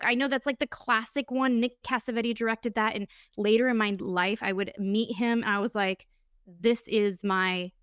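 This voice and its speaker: A woman in her thirties hosts a solo podcast monologue, speaking close to the mic and telling her story in an earnest, candid, openly emotional way. Her pitch is an ordinary middle, and with no room echo the sound is dry and close.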